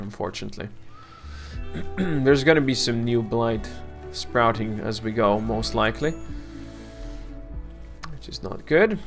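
A man casually commenting on his game, coaxing his colonists, grumbling and swearing at setbacks, and clearing his throat now and then. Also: medium pitch. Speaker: let's play gamer.

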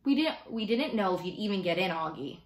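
A woman reading aloud as a gentle, coaxing mother who reassures her son. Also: medium pitch, animated, brisk, echoey room, natural voice, poor audio.

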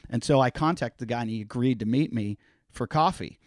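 A man's voice: medium pitch, a little fast, no room sound, studio quality. A man telling stories in a casual podcast conversation, swearing freely and acting out the people he quotes. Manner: animated, swears freely, acts out quoted voices. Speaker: podcast guest. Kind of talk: casual storytelling.

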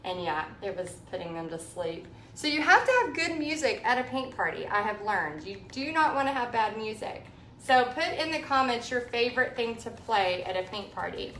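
Texan woman, slightly high voice, rambling talk while painting, echoey room; friendly painting teacher. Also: expressive, moderate pace, a bit bright, a little hiss or hum. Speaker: painting instructor. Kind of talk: live painting tutorial chat.

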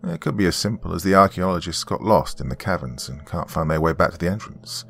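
A man narrating a horror story in an expressive, scripted storytelling way. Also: sits low, fairly quick, vocal fry. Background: faint background music.

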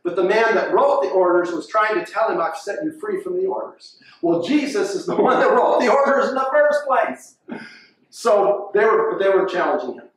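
A man with a fairly high voice preaches a sermon, lively and storytelling, acting out the people he quotes. He sounds distant from the microphone. The room around him is strongly echoey. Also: moderate pace. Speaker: pastor. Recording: echoey room, voice from far off the mic.

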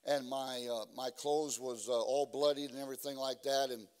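A man preaching a sermon as a guest preacher. He stumbles through fillers and restarts, then builds to loud, emphatic preaching. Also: medium pitch, steady tone, normal speed, clear, resonant tone. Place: church.

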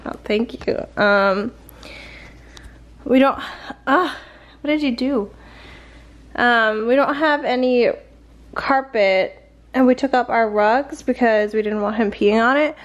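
Woman, casual vlog chat, high voice, slow rambling delivery with lots of ums. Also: highs cut off. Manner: rambling, hesitant, full of ums; coos in a high voice at her puppy. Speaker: vlogger.

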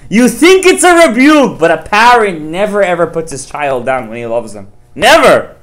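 A rabbi teaching a class for parents in a high, lively voice that climbs and dips all over. He keeps throwing questions at his listeners and mixing Hebrew terms into his English. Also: normal speed. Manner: animated, fires rhetorical questions at listeners; mixes Hebrew terms into talk.

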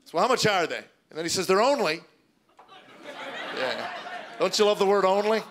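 A middle-aged man doing stand-up, telling deadpan stories and acting out his kids' voices before a live audience. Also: high-pitched, fast. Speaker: stand-up comedian. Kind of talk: stand-up comedy routine. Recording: live show with audience noise.

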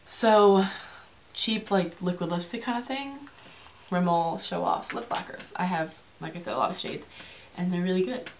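A young woman chatting fast and rambling through a beauty product review, with many fillers and restarts, speaking to camera. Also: lowish voice, a little hiss or hum. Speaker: beauty vlogger.

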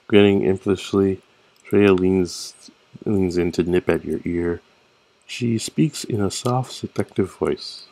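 A young man reading a story game aloud and reacting to it playfully with quick jokes and exclamations. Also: low voice, dark tone, dry recording. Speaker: gaming channel host.

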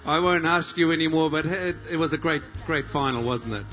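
A man's voice: a little fast, faint music behind. A man, working as a live event MC, rousing the crowd and joking with competitors. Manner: loud, jokey, booming crowd-rousing. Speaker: event MC and interviewer. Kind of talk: live arena announcing and interviews.

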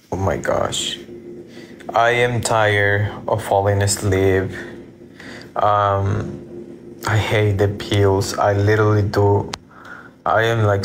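A man's voice: lowish voice, noisy background. A drowsy man casually chatting with viewers on a livestream from home, rambling and greeting people. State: sleepy, drowsy. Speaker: livestream host. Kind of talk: casual live-stream chat.

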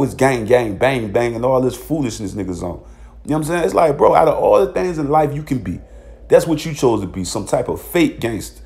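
A man's voice: fairly high pitch, vocal fry, a little mellow. Frustrated man ranting bluntly. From Virginia, USA. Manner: frustrated, blunt, profane, heated; repeats filler tags. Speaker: vlogger. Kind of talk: angry commentary monologue.

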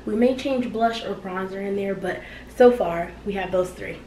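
A young adult woman co-hosts a casual, playful chat about a makeup challenge, sounding chatty and saying "y'all." Her voice is warm and medium-pitched at a normal speed. The mic sits far off in an echoey room, and the recording is noisy.

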